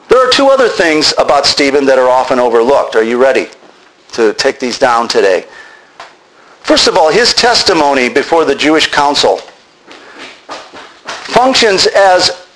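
A man's voice: a little high, a bit bright, rough recording. A man preaching a sermon, emphatic and exhorting his listeners directly.

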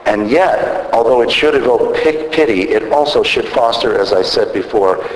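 A man preaching a sermon as pastor, earnest and measured, pausing and restarting as he works through scripture. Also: mid-range voice, expressive, slight background noise. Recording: echoey hall from a distance.

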